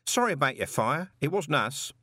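A man's voice: fairly high pitch, very animated, normal speed, pushed and bright, breathy edge, no room sound, clean studio sound, pitched above the performer's own voice, exaggerated voice. A man voicing a cheerful, evasive male rooftop schemer who talks in a breezy, offhand way in an audiobook.

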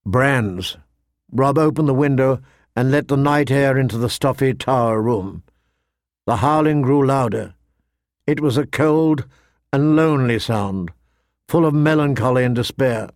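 A man reads a story aloud with measured, somber pacing and a mid-range voice. He sits close to the mic, and the sound is completely dry. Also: medium pitch, dry recording. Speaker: audiobook narrator. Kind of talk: scripted narration.

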